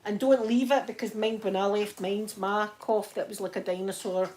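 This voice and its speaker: A woman's voice: medium pitch, fairly even intonation, moderate pace, darkish tone. A Scottish woman from Scotland hosting a casual ASMR live stream from home while ironing, chatty and often laughing as she talks to viewers. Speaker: ASMR livestream host.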